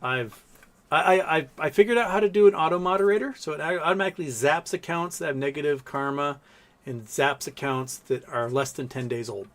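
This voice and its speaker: A man's voice: on the high side, brisk, fairly bright tone, slight background noise. A man hosting a casual livestream, reading viewer comments aloud and chatting to his pets between them. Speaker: livestream host.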